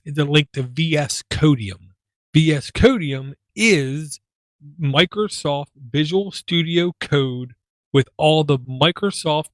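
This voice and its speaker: A man's voice: fairly high pitch, no room sound. A man hosting a casual tech podcast, talking in a rambling, self-deprecating way. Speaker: podcast host.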